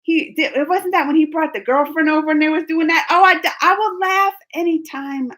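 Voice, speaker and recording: Woman in her 40s rambling to her live chat, laughs a lot, high voice. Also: fairly quick. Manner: chatty, animated, laughs often, rambling. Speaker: livestream host reading chat.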